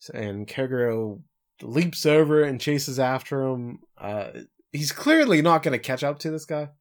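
Man, podcast co-host, casual recap, rambling, dry humor, mid-pitched voice. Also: expressive, unhurried. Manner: rambling, self-correcting, dry jokes.

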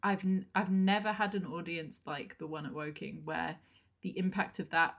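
A woman with a somewhat low voice co-hosting a casual podcast. She gives quick, blunt opinions and laughs often. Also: steady tone. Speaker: podcast co-host. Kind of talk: casual chat about a musical.

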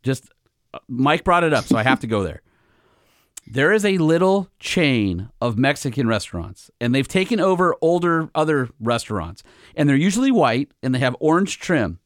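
A man's voice: mid-range voice, very animated, normal speed, dry recording. A man co-hosting a casual podcast chat, jokey and exclamatory, in a studio. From Southern California. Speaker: podcast co-host.

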